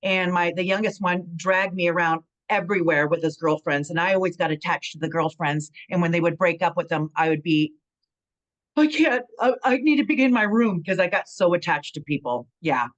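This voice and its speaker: A woman's voice: fairly low pitch, fairly quick, hardly any pauses, dull audio. A middle-aged woman from California, a former pro wrestler telling stories in a casual interview, acting out quotes with plenty of fillers. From San Bernardino, California. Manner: animated storytelling, acts out quotes, frequent fillers.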